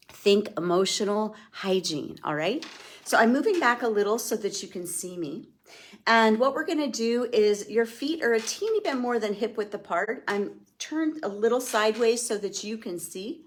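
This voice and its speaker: A middle-aged woman leading a guided breathing and laughter exercise in a slow, soothing way as a wellness instructor. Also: mid-range voice, slight background noise. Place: indoors, moving around in front of a camera.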